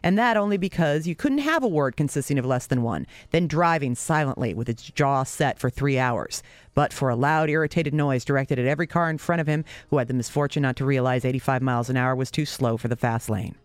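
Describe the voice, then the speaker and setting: A woman telling a personal story in a wry, sarcastic, self-mocking way, with sudden leaps in pitch for emphasis. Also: fairly quick, no echo.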